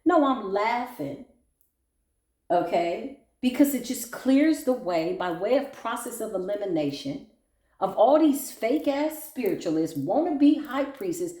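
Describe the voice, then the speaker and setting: A woman's voice: on the high side, animated, a little slow, dark tone. A woman giving a blunt, profane tarot reading, mocking her targets and breaking into laughter. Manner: bursts into laughter. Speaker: tarot reader. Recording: roomy echo.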